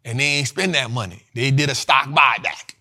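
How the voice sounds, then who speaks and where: A man's voice: medium pitch, normal speed, sharp tone, a little hiss or hum. A man hosting a livestream about stocks, talking in loose slang and repeating himself as he urges viewers on. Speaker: host. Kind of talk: livestream finance talk.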